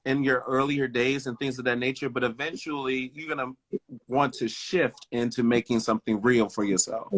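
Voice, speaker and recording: A man's voice: mid-range voice, steady tone, moderate pace, a bit bright. A man co-hosting a podcast in casual chat, talking emphatically and often checking in with "you know what I mean". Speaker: podcast co-host.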